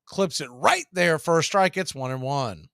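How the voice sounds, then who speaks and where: A man calling live baseball play-by-play as the show's host, building excitement on big plays. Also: on the high side, moderate pace, vocal fry, no room sound, studio quality. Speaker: play-by-play announcer.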